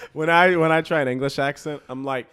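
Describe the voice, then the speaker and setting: A man's voice: on the high side, fairly bright tone, clean tone. A young man hosting a casual podcast chat, crude and joking, laughing often. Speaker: podcast host.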